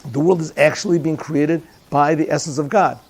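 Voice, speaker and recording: A man's voice: a little high, moderate pace, a little mellow, slightly rough. A man teaching a Chassidic class as a rabbi, conversational and joking, often asking the listeners questions. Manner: conversational, asks listeners questions, tells jokes. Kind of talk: Chassidic lecture with jokes. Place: yeshiva classroom.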